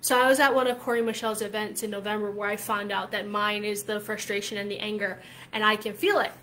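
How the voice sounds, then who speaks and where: A woman's voice: mid-range voice, flat delivery, quick pace, fairly bright tone, slight background noise. A woman coach talking casually to her viewers, emphatic and chatty, often tagging her points with "right?" and swearing freely. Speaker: spiritual coach. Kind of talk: casual talk to camera.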